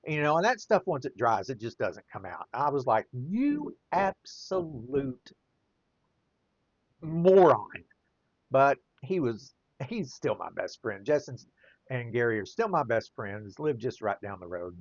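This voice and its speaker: A man with a medium-pitched voice, speaking at a moderate pace, tells a casual anecdote while he draws, chuckling often. He's an artist and storyteller whose speech has a lively rise and fall, recorded lo-fi with no echo.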